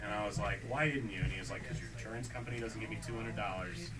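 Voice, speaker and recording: Deadpan young stand-up comic in a theatre. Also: male voice, on the low side, rapid-fire, a crowd in the background. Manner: deadpan storytelling, acting out both sides of the dialogue. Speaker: stand-up comedian. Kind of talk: stand-up comedy set. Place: small theatre stage. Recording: distant mic with audience laughter.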